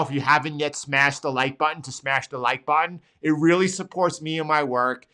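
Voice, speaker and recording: A man hosts a live trading show, going over charts one by one. His voice is bright and a little tense, and he leans hard on his points and says them again and again. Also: fairly high pitch, moderate pace, hardly any pauses, clear, resonant tone. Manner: emphatic, pleading, repeats phrases. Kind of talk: live market analysis.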